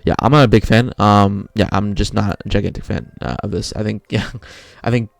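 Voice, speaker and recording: Fast, gravelly young man rambling picks. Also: fairly low pitch, dry recording. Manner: rambling, self-correcting, restarts often. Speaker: sports video creator. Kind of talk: casual bracket picks talk.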